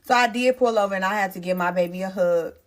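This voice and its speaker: A woman's voice: mid-range voice, fast talker. A pregnant woman telling a storytime vlog, speaking straight to her viewers and repeating phrases for stress.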